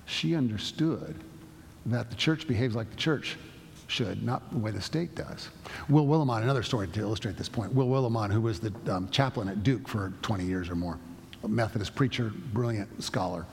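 A man's voice: fairly low pitch, expressive, fairly quick, gravelly, a little mellow, slight background noise. A man preaching a sermon, telling stories in a conversational way with frequent restarts. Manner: storytelling, conversational with many restarts. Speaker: pastor. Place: church sanctuary. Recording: long reverb of a church sanctuary.

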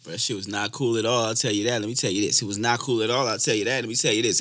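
A man's voice: on the low side, steady tone, racing, hardly any pauses, fairly bright tone. Slangy man telling loose stories. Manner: loose slangy storytelling, swears freely. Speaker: podcast host and rapper. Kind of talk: casual chat.

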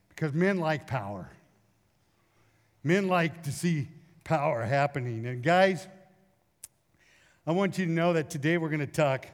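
A middle-aged man, a pastor, preaching a sermon in a folksy storytelling way with lively acted asides. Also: fairly high pitch. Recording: long hall reverb.

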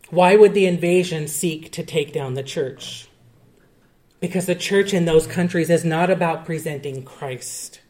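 Man preaching a sermon, earnest and measured. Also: fairly high pitch, darkish tone. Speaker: pastor.

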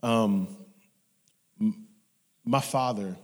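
Preacher with big dynamic swings, echoing hall. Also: male voice, fairly low pitch, extremely slow. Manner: dynamic, swings from hushed whispers to loud shouts; storytelling, acts out family members in his anecdotes. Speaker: pastor. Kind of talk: sermon. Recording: long hall reverb.

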